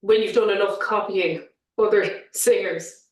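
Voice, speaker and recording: Animated woman vocal coach, roomy distant sound. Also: mid-range voice, measured pace. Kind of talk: casual interview chat. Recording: roomy, set back from the mic.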